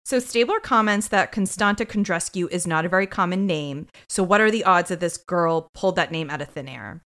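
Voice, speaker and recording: A woman's voice: fairly low pitch, brisk. A woman co-hosting a podcast, recapping an episode in casual chat with snark and free swearing. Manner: animated, snarky, swears freely. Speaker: podcast co-host.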